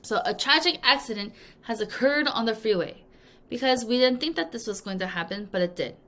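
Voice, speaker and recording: A woman teaching an English vocabulary lesson, drilling words clearly with repeat-after-me prompts and acting out examples playfully. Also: a little high, lively intonation, a little fast, a bit bright. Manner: playful, acts out example sentences. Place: language school in Korea.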